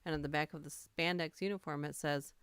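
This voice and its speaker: Woman stream host, low-ish smooth voice, casual story reader. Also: steady tone, brisk, fairly bright tone, no room sound. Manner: reads funny stories aloud, laughs and greets chat. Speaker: livestream host reading stories aloud. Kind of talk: casual livestream storytelling and chat.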